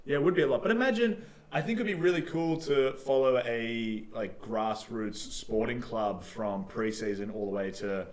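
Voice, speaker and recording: A man's voice: mid-range voice, normal speed. A young man, co-hosting a podcast in casual, jokey, rambling chat. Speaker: podcast co-host.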